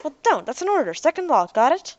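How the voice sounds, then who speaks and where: A woman's voice: a little high, lively intonation, fast, a little mellow, dry recording, dull audio, lightly acted. A woman voices a pushy young man, blunt and demanding, pressing hard with raised, ordering lines. The sound is dry and close.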